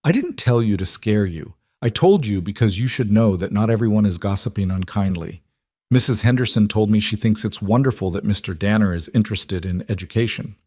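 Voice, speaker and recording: A man voicing a young woman teacher who gently and knowingly advises her friend. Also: on the low side, expressive, fairly quick, no room sound. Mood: gently teasing.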